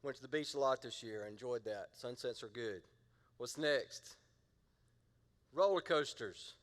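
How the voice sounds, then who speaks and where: A man's voice: medium pitch, unhurried, in a large hall. A middle-aged man, a pastor preaching a sermon in a playful, conversational way and drawing the congregation into call-and-response.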